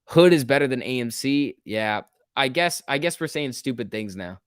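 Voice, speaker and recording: A young man chats through a stock-market livestream, loose and excitable as he reacts to viewers. His voice sits at a middle pitch and sounds dry and close, with no room around it. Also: moderate pace, clear, resonant tone, no echo. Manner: chatty, reads chat messages aloud, jumpy and excitable. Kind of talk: casual livestream commentary.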